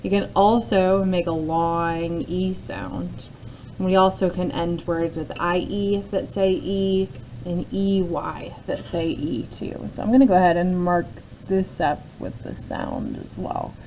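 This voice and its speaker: Over poor audio with a bit of hiss or hum, a woman teacher with a fairly low, warm voice speaks at a measured pace and fairly even intonation. She patiently talks through a phonics lesson on a spelling and syllable word sort step by step, often checking in with "okay?"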